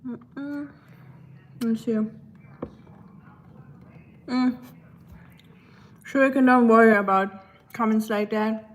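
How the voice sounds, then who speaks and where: A German woman livestreaming from home, chatting casually with viewers and reading comments, with lots of ums and a relaxed, unhurried manner. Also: a little high, slight background noise. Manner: relaxed, many ums, switches between English and German.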